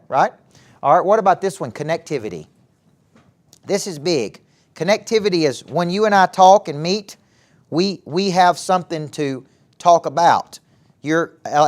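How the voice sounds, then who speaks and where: A middle-aged man with a Southern US accent giving a live motivational talk to young people, animated and often asking the audience questions. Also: a little high. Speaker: motivational speaker and former coach. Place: event hall with a live audience.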